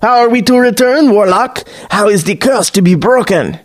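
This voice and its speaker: A man's voice: sits high, normal speed, voice pushed up, close to an everyday voice. A man voicing a man possessed by a scornful pirate spirit, roaring his lines in old-fashioned pirate speech.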